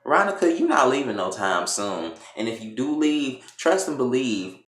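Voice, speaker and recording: Animated man recapping a TV episode. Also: mid-range voice, moderate pace. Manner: animated, profane storytelling. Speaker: TV show reviewer. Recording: echoey room.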